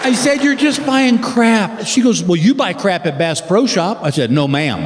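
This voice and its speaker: A middle-aged man with a drawl working a stand-up crowd, his voice sitting a little high for a man. He tells long stories and slips into a higher voice to mimic his wife. It is a live recording that rings with long hall reverb over a loud, laughing crowd. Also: big pitch swings, normal speed, very noisy. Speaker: stand-up comedian. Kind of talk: stand-up routine. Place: large theater stage. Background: audience laughter.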